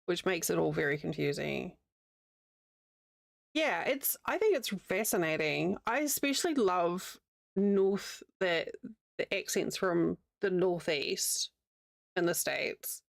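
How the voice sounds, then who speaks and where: A woman's voice: fairly low pitch, sing-song, slow pace, vocal fry, no room sound. Kiwi woman streaming, rambly chat w her viewers while crocheting, pretty dry close sound. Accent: New Zealand. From New Zealand. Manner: chatty, rambling, answers chat as she goes.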